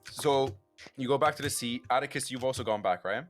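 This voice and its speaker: A man's voice: medium pitch, a little fast, faint music behind. Casual man running a tabletop game. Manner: casual, restarts often. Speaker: game master.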